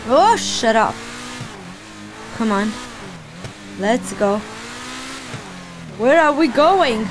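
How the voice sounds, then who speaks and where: A woman giving casual let's-play commentary, excitable and cheering on or scolding her character. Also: on the high side, extremely slow, pauses often, noisy background. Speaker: gaming channel host.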